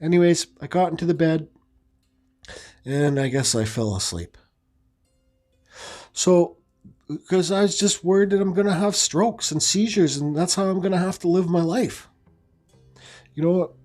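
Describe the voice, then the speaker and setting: A man's voice: high-pitched, normal speed, pauses often, darkish tone, faint music behind. A man casually telling his own story in a rambling way, with lots of restarts and swearing. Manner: rambling, repeats himself, swears freely; frequent restarts and fillers like "I says" and "like".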